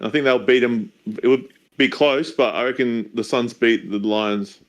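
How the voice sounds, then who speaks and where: A man's voice: medium pitch, moderate pace. Aussie guy co-hosting, kinda hesitant, trips over his words. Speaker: co-host.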